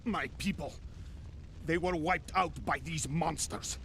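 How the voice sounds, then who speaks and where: An actor playing a grim, stubborn, wounded mercenary commander, with stiff, earnest game dialogue. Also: male voice, on the high side, slow, a bit bright, slight background noise. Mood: defiant.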